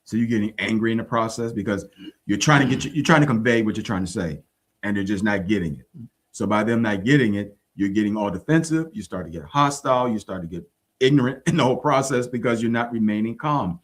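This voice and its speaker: A man with a fairly low voice talks through his view in a casual faith discussion. His sentences loop and run on as he builds his explanation. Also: quick pace. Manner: explains in long, looping sentences. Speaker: podcast host.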